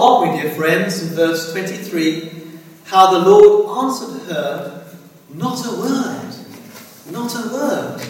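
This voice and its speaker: High-voiced preacher echoing through a hall. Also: male voice. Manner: earnest, addresses listeners with tag questions and "as it were". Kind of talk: sermon. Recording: echoey hall from far off.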